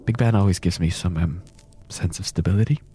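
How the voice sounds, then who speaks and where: A man hosting a podcast, talking in a hushed, shushing, exasperated whisper as part of a comedy bit. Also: sits low, a little fast. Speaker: podcast host. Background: whale song music.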